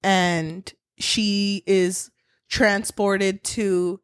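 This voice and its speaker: A woman's voice: mid-range voice, little pitch movement, drawn-out words, clean tone, dry recording, studio quality. Candid opinionated woman podcast co-host. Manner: candid, opinionated, swears casually. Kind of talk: casual book discussion.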